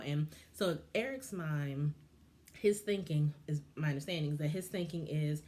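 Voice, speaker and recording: Low-voiced woman giving heated commentary. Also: normal speed, mellow. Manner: impassioned, frustrated, opinionated. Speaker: vlogger reviewing a reality show. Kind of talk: casual commentary.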